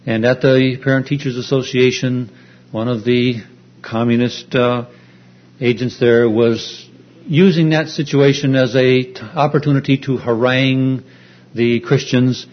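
A man preaching an earnest, explanatory sermon, pausing often with fillers as he retells a story. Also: medium pitch, fairly even intonation. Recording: dull lo-fi recording.

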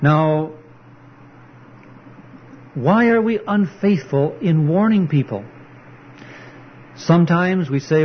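A man's voice: fairly high pitch, animated, slow, pauses often, a little hiss or hum. A man preaching an earnest, emphatic sermon, quoting scripture as he goes. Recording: dull lo-fi recording.

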